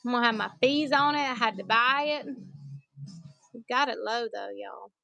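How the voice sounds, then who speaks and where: A woman's voice: fairly high pitch, normal speed, creaky, bright, forceful tone, dull audio, soft background music. A woman selling collectible banknotes on a live stream, chatty and joking, calling her viewers y'all.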